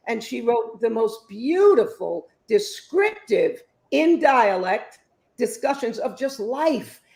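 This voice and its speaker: A woman in her fifties, an author giving interview answers in an expressive, emphatic storytelling way. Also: fairly high pitch. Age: 50s. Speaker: author and guest.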